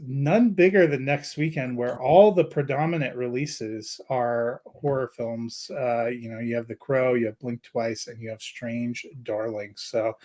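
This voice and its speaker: A man co-hosting a movie review podcast, with a voice of ordinary middle pitch. He talks casually and rambles, filling his pauses with plenty of "uh"s. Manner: relaxed, rambling with many "uh" fillers. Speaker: podcast co-host.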